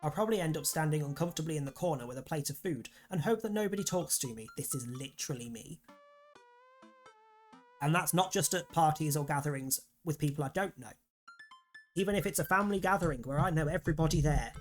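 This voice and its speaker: Streamer reading a dating game out loud, swears a lot, jokes at own expense, soft music under. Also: medium pitch, brisk, long pauses. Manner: sweary and self-deprecating. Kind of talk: casual game commentary and read-aloud.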